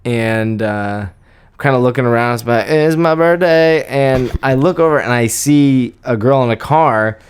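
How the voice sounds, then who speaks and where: A young man co-hosting a podcast, telling a story in casual chat, animated and laughing as he acts out what people said. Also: mid-range voice, normal speed, clear, resonant tone. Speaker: podcast co-host.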